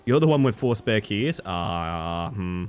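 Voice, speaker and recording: Playful man with a lively, swooping voice. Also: measured pace, slight background noise. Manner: playful, reads chat aloud and jokes, swings between excited yelps and low mutters. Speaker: live streamer. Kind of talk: casual live-stream chat while gaming.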